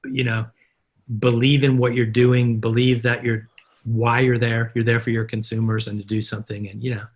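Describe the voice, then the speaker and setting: Husky middle-aged guy telling stories on a podcast, acts out both sides of conversations. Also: medium pitch, normal speed. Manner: animated anecdotes, acting out quoted dialogue. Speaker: guest, marketer. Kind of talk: storytelling in a podcast interview.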